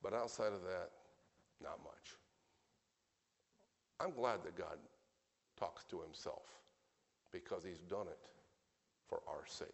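A man with a very low, deep voice preaches a sermon. He talks in an earnest, emphatic way, dropping into plain conversational asides before surging loud on the key points. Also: a little slow, creaky, long pauses. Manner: earnest, emphatic preaching with sudden swells in loudness.

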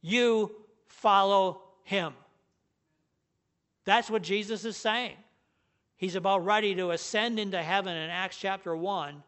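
A man's voice: high-pitched, steady tone, normal speed, a bit bright. A man preaching a sermon as pastor, earnest and emphatic, leaning hard on the key words.

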